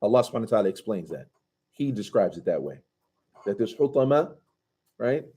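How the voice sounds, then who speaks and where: A man's voice: on the low side, very animated, fairly quick, warm tone, husky. A man teaching a conversational scripture commentary class, casually asking his students questions and reciting Arabic passages.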